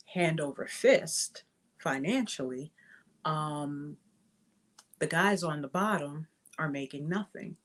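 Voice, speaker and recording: A woman with a low voice talks through her review of a film at an unhurried pace. She speaks casually and thinks aloud, with frequent fillers and restarts. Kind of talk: casual spoken movie review.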